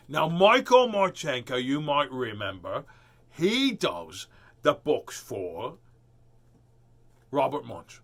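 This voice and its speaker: Animated man reading picture books aloud. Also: fairly high pitch, slow pace. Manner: chatty, animated, with dramatic giant lines. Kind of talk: storybook read-aloud with chat.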